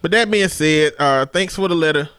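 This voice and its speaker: Bright-voiced man telling animated anecdotes. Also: a little high, normal speed. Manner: animated, profane anecdotes, laughing. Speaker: podcast host. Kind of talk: casual chat.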